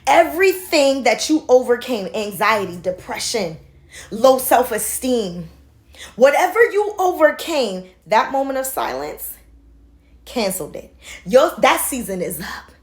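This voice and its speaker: A high-voiced woman in her forties gives an impassioned pep talk straight into her handheld phone camera. She shifts from excited shouting to soft, confiding encouragement. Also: a little slow. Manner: passionate, swings between shouting and soft confiding. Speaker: motivational vlogger.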